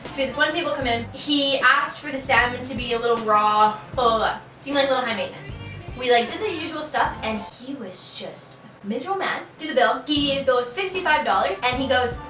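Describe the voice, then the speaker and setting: A woman guest on a podcast, telling a serving story in a quick, laughing, excitable way. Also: sits high. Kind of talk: casual storytelling chat. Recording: echoey room, distant mic, faint music.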